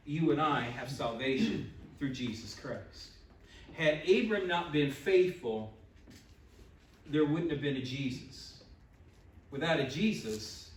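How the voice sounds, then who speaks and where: A man preaching a sermon as a pastor, lively and building to loud exclamations. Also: mid-range voice, slight background noise. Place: church sanctuary. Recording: echoey church, mic from a distance.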